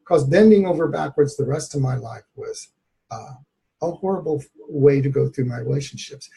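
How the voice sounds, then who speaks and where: A man's voice: medium pitch, moderate pace, gravelly, mellow, slight background noise. A man, a therapist, telling a candid personal story in an interview, reflective and laughing at times. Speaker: therapist guest.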